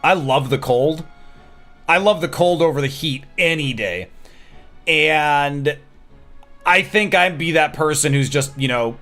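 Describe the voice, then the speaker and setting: Brief: self-deprecating male streamer from Wisconsin, casual game commentary, slightly raised pitch. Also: fairly bright tone. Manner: chatty, self-deprecating, thinking aloud.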